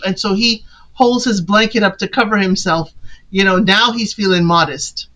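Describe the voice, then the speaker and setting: A woman casually recapping a film for a podcast, animated and playful, often quoting the characters in put-on voices. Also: mid-range voice, low-quality recording.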